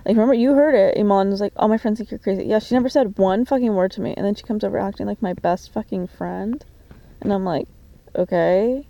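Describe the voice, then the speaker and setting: A woman talking to a phone camera in a diary-like monologue, agitated and suspicious, swearing often, with many fillers and halting restarts. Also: medium pitch, creaky, dark tone, highs cut off.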